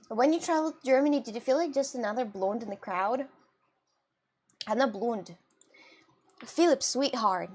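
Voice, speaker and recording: Giggly high-voiced woman with a Russian-British accent. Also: moderate pace, pauses often, slightly rough. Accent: Russian mixed with British. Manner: giggly, chatty, laughs often. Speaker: live streamer reading chat. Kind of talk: casual live-stream chat.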